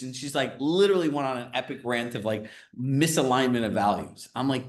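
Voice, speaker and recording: A man coaching a group live on a video call, talking in a casual, energetic way and often checking in with "right?". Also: mid-range voice, quick pace, hardly any pauses, roomy sound. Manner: energetic, conversational, filler-heavy with frequent "right?". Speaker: real estate business coach.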